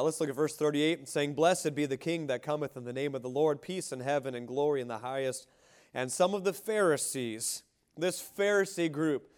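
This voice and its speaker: A male pastor preaching with fervor, his voice sitting a little high for a man. He swings from ringing exclamations to hushed, drawn-out lines and keeps calling on the congregation for an amen. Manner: fervent preaching, rising shouts and quiet drops, asks congregation for amen. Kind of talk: sermon.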